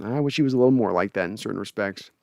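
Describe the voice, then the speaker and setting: A man's voice: fairly low pitch, very fast, creaky, a little mellow, dry recording, clean studio sound. A man hosting a sports podcast, casually chatting and reading viewer comments aloud. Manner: chatty, laughs often, reads comments aloud. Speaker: podcast host.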